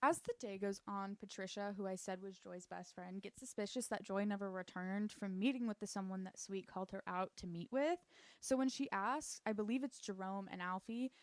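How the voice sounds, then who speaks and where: A woman's voice: mid-range voice, moderate pace, no room sound. A woman chatting casually and sarcastically as she recaps a TV show, full of "like" asides. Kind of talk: casual commentary.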